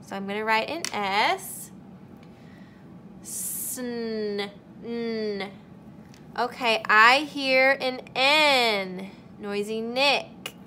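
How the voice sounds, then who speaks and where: A woman's voice: on the high side, bright, forceful tone, a little hiss or hum. A young woman teaching a recorded kindergarten lesson, carefully sounding out words for young children. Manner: slow, deliberate sounding-out of words.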